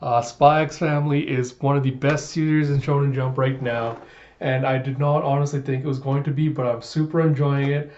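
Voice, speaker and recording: A man's voice: mid-range voice, little pitch movement, moderate pace, a little mellow, echoey room, highs cut off. A man casually retelling and reviewing a comic chapter, enthusiastic and laughing often. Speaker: manga reviewer.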